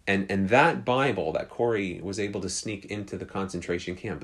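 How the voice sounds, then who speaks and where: A man's voice: low-pitched, gravelly. A man preaching, telling a story in an earnest way with frequent restarts. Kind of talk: storytelling sermon.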